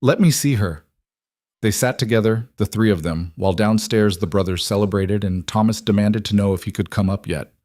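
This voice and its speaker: Sex: man. Role: narrator. Style: scripted storybook narration. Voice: low and somewhat deep, close and dry, with no room sound. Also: steady tone, fairly quick, few pauses, darkish tone, no room sound.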